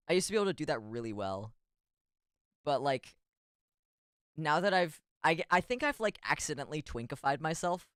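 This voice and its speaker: A man's voice: on the high side, expressive, normal speed, a bit bright, smooth, no echo, clean studio sound. A man streaming as a VTuber in casual chat, rambling and giggly with self-deprecating asides.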